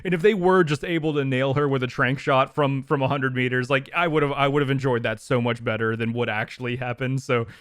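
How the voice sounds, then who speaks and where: A man's voice: medium pitch, fairly even intonation, brisk, hardly any pauses, a bit bright, clear, resonant tone, no room sound, studio quality. A man co-hosting a podcast, chatting casually about a film, often stammering as he starts his sentences. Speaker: podcast co-host. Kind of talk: casual movie review chat.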